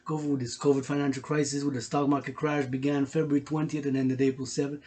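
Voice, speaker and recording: This workout video host has a medium-pitched, mellow voice with a flat delivery and a fast pace. He rambles through an emotional vlog monologue, repeating himself, swearing freely and using casual street slang.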